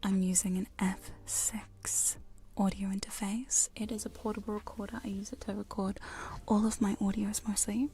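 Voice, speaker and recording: A woman chatting in a soft, giggly whisper on a live hypnosis ASMR stream, close to studio mics in her home studio. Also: mid-range voice, level tone, moderate pace. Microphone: studio condenser and binaural mics.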